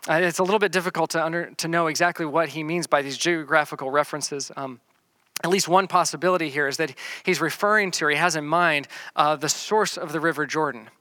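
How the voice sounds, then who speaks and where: A man preaching a sermon, reading scripture verses slowly and then explaining them in plain talk, often repeating words as he restarts. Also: fairly high pitch, bright, forceful tone, no echo. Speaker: pastor. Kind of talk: sermon teaching through a psalm.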